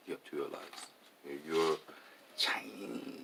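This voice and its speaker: A tipsy man rambling in a casual monologue, halting and repeating his words, swinging between loud bursts and mumbles. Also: very deep voice, fairly even intonation, noisy background. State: tipsy after drinking.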